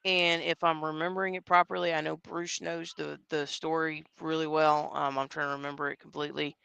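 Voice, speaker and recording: Guy w a kinda high gravelly voice, rambling ghost story as a psychic guest, lots of ums. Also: little pitch movement, a little fast, pushed and bright, dry recording. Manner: rambling retelling with many fillers and quoted dialogue. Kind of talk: casual storytelling.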